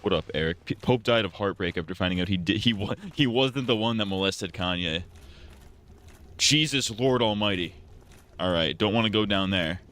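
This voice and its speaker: A man's voice: fairly low pitch, normal speed, fairly bright tone. A man streaming a game live, rambling through jokes and poking fun at himself. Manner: rambling, joking, self-mocking. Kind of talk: casual live-stream gaming commentary.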